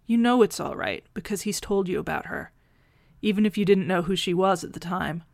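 A woman voicing a brisk, affectionate time-travelling woman who talks quickly and fondly. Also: medium pitch, animated, gravelly, a little mellow, dry recording. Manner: brisk and fond.

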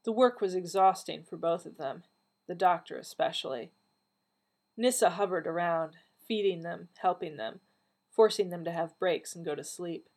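Husky, low-voiced woman reading a story. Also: normal speed, darkish tone. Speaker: audiobook reader. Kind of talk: storybook narration.

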